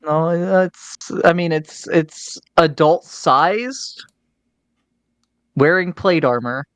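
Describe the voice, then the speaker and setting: A game master narrating a tabletop game with many pauses and fillers. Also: medium pitch, a bit bright, dry recording. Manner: hesitant, filler-heavy narration.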